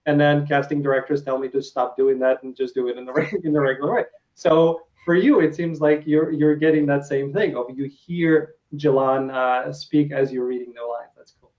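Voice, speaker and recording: A man's voice: mid-range voice, steady tone, normal speed, dull audio. A man from Ukraine with a Russian accent, hosting an interview in a casual, hesitant way with many uh fillers. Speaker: interview host.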